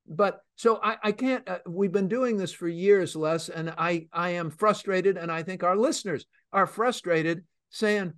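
A man hosting a radio talk show, telling stories emphatically with many pauses and fillers. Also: high voice, a bit bright, no echo, studio quality. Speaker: host.

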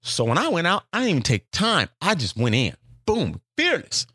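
A man telling a profane story in a loose, animated way, jumping up in pitch to act out the people in it. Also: normal speed, husky, no echo, clean studio sound. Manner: animated, profane, acts out quotes with big pitch jumps. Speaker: comedian telling a story as a podcast guest. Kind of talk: casual storytelling.

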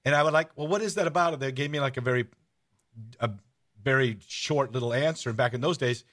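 Energetic, chatty male host. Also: mid-range voice, quick pace. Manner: enthusiastic storytelling, rambling with restarts. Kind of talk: casual chat.

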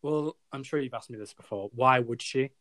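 A man's voice: medium pitch, moderate pace, fairly bright tone, no room sound. A British man hosting a casual chat, quizzing and teasing his co-host and laughing easily. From Britain. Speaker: podcast co-host.

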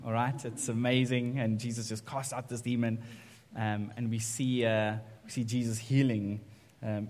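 Young male pastor, mid-pitched, chatty sermon delivery, reverberant sanctuary sound. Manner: conversational, frequent "right?" and "okay?" check-ins. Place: church.

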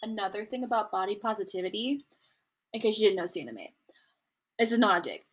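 Chatting from home on her casual commentary podcast, a young adult woman rambles along expressively at a quick pace, breaking into mocking, high-pitched impressions. Background noise can be heard.

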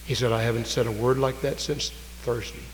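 A man preaching a sermon, fervent, swinging from loud raised cries to low, quiet storytelling. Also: steady tone, a little fast, big-room sound, poor audio. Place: church.

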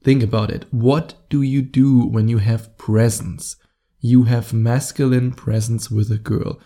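A man's voice: medium pitch, level tone, measured pace, mellow. A man with a German accent hosting his own podcast as a dating coach, talking straight to the listener in a direct, coaching way. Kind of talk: solo podcast monologue.

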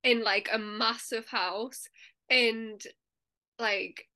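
Chatty woman co-host, high and bright, loose and giggly. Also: fairly even intonation, drawn-out words. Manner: chatty, laughs often, many "like" fillers, acts out inner voices. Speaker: podcast co-host. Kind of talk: casual chat.

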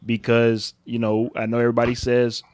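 An American man in casual podcast chat, animated and swearing, often jumping into a high excited pitch. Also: brisk, no room sound. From United States.

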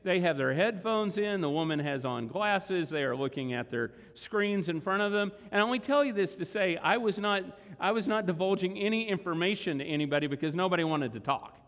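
With long reverb from a large church hall around him, a man delivers sermon storytelling to his congregation in a conversational manner. He's a pastor whose high-pitched, slightly bright voice is animated and a little fast, with hardly any pauses.

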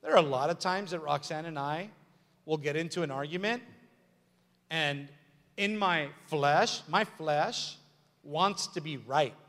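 A man's voice: fairly high pitch, a little slow, fairly bright tone. A man preaching a sermon as pastor, emphatic and repetitive, with joking asides. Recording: long hall reverb with faint music.

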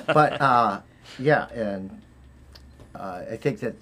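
A man's voice: on the low side, expressive, slow, a bit bright. A man with a Boston accent, a guest on an interview, telling long rambling anecdotes with many fillers and restarts. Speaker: guest, former Olympic figure skater. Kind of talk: casual interview storytelling.

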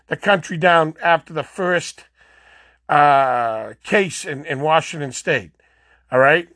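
A man's voice: high voice, sharp tone, dry recording, clean studio sound. A man hosting his own podcast, ranting heatedly in solo commentary and often restarting with fillers. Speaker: podcast host.

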